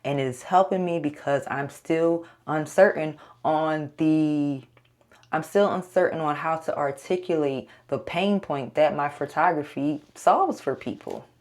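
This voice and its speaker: A woman's voice: low-pitched, measured pace, darkish tone. A photographer talking to her audience in a casual solo vlog, blunt and self-coaching, swearing freely as she pushes herself on. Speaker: photographer and podcaster.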